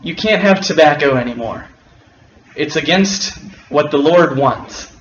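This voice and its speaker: A man quoting a preachy old woman, speaking slowly and insistently. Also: on the high side, lively intonation. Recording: roomy, dull and slightly noisy.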